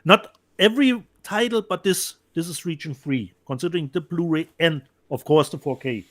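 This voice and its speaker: Halting man co-hosting. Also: fairly high pitch, a bit bright. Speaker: co-host. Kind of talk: casual chat about disc releases.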